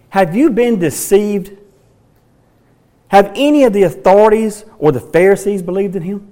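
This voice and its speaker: A man delivers a sermon in a noticeably high voice. He works through scripture passages and repeats key questions with dramatic, drawn-out emphasis. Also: darkish tone. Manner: emphatic, dramatic rereading of quoted lines. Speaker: pastor.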